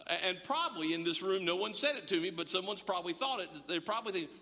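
A man preaching a sermon as pastor, conversational and humorous, telling the story with animated asides. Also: high voice, quick pace. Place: church sanctuary. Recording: long echo of a large hall.

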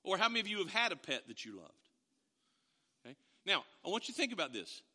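A man preaching a sermon, telling a family story with animated, acted-out quotes. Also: high-pitched, fast, big-room sound. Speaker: pastor.

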